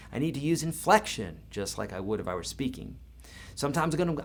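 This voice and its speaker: A man teaching guitar in a live online lesson, talking casually and encouragingly with everyday comparisons. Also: medium pitch.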